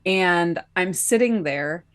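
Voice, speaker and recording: A woman's voice: fairly low pitch, lively intonation, slow pace, fairly bright tone. A woman co-hosting a podcast, telling a personal story in a casual, chatty way with lots of filler likes. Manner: chatty, many filler likes, laughs between phrases. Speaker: podcast co-host.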